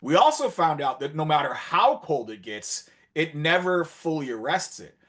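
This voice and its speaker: Man telling a lively fish story. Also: fairly high pitch, moderate pace. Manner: animated anecdotal storyteller acting out dialogue. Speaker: marine biologist. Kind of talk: conference talk storytelling. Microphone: video call.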